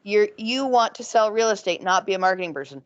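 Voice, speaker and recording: A woman's voice: mid-range voice, lively intonation, dry recording. A woman real estate agent with a slightly froggy voice, talking emphatically and repetitively in a video call panel interview. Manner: emphatic, repetitive, talks in rushes. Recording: dull, dry video call audio.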